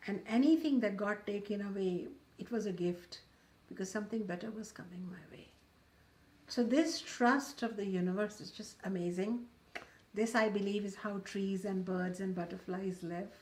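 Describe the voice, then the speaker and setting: Uma professora espiritual dando uma palestra, contando uma parábola com ênfase calma e conduzindo uma meditação guiada, com voz de altura média. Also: female voice, mid-range voice, moderate pace. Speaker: spiritual teacher. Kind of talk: spiritual talk with storytelling and guided meditation.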